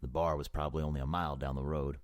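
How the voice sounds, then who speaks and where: A male audiobook narrator with an extremely low voice who reads in a measured, brooding way. The sound is dry and close-miked, without any room echo. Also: little pitch movement. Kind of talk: first-person audiobook narration.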